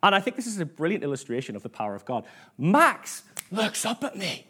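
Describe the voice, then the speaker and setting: A man's voice: high voice, wildly swooping pitch, fairly quick, sharp tone, breathy edge. A man preaching a sermon in church, chatty and self-mocking, acting out quoted voices as he tells stories.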